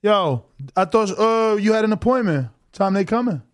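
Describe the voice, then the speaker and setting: A man hosting a livestream, reacting to a fight with slangy, excitable commentary. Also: sits high, normal speed. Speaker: livestream host. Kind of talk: casual live watch-along commentary.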